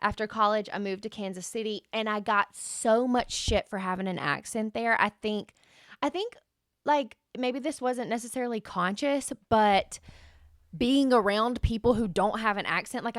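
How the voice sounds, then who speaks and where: A woman in her thirties from the Southern US, her accent softened, speaking emphatically and with strong opinions as podcast co-host. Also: mid-range voice, moderate pace, dry recording, clean studio sound. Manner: emphatic, opinionated, spells words out. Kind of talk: casual chat.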